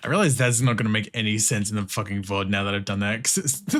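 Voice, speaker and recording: A man's voice: on the low side, fast, few pauses. A man streaming a video game, chatting casually, swearing often, laughing and greeting viewers in chat. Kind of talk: casual commentary while playing.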